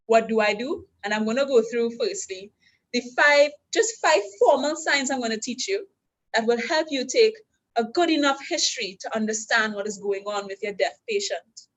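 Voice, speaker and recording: A woman with a Trinidadian accent, her voice sitting a little high. She walks listeners through simple hand signs, step by step, with patient, clear instruction. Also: poor audio. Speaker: sign language instructor. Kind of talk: teaching a class. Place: university orientation session.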